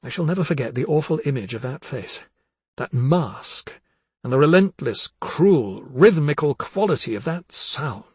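A man's voice: fairly high pitch, lively intonation, moderate pace, a little mellow, slightly rough, no echo. A man narrating a literary novel as an audiobook, with intense, dramatic delivery.

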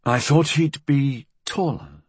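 A man voicing an aging, controlled gentleman who speaks softly with quiet intensity. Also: medium pitch, slightly rough, dry recording, pitched above the performer's own voice. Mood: quietly intense. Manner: soft, intense, measured.

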